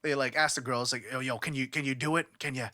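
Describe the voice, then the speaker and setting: A man's voice: medium pitch, steady tone, fast, pushed and bright, no echo, clean studio sound. A young man from California chatting on a podcast, rambling with lots of fillers and restarts. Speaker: podcast co-host. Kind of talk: casual podcast chat.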